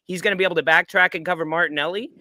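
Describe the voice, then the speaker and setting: Guy hosting a football fan show, bright sharp voice, pretty dry sound, laughs and swears a lot. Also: high voice, steady tone, rapid-fire, dry recording. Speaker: co-host. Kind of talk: casual fan show banter.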